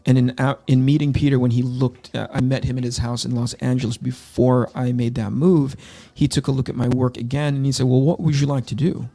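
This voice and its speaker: A man's voice: mid-range voice, level tone, fairly quick, dark tone. A man in his fifties hosting a launch stream, casually telling candid, self-deprecating stories about his early career. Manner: candid, self-deprecating anecdotes with many restarts. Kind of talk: casual storytelling.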